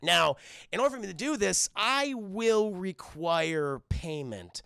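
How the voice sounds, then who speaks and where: A man voicing a scheming female cat dealer who talks in a slow, silky, condescending way. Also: high voice, lively intonation, vocal fry, pushed and bright, clear, resonant tone, no room sound, clean studio sound, exaggerated voice. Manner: slow, silky, condescending, calls people kitten.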